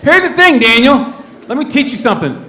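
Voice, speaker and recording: Mock-grumpy fifty-something stand-up comedian. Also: male voice, extremely high pitch, sing-song, bright, forceful tone. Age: 50s. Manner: mock-grumpy, crowd work, acts out quick voices. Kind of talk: stand-up set to a live audience. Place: corporate event venue. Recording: roomy venue with audience noise. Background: audience laughing.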